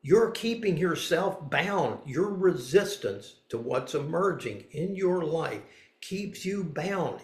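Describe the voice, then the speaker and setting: A man's voice: a little high, animated, slow pace, reverberant. A man giving a dharma talk as a spiritual teacher, blunt and folksy, moving between reading and emphatic asides.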